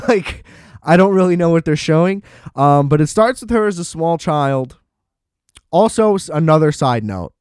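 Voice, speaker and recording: A man ranting on his podcast in a sarcastic, exasperated tone, breaking into laughter. His pitch swings widely, yet he talks slowly and deliberately. His voice is smooth and recorded dry and close. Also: a little mellow, no echo. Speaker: podcast host. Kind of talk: casual rant review.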